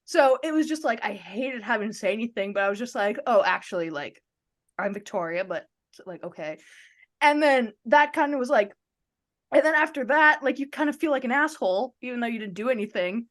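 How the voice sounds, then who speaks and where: Woman podcast co-host, high-ish voice, casual storyteller who acts out quotes. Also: fairly quick. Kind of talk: casual chat.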